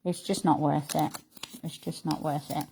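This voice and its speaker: A woman's voice: low voice, steady tone, normal speed, vocal fry, mellow, husky. A middle-aged woman vlogger chatting casually to camera in a heartfelt, rambling way and reading her poems aloud.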